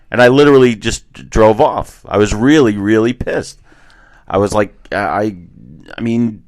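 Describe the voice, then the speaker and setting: A man's voice: medium pitch, a little slow, no echo. A man co-hosting a podcast from a hotel room, chatting casually and laughing as he tells stories. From Florida. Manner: laughing, animated storyteller, plays up a lost voice as a joke. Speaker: podcast co-host. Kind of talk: casual chat.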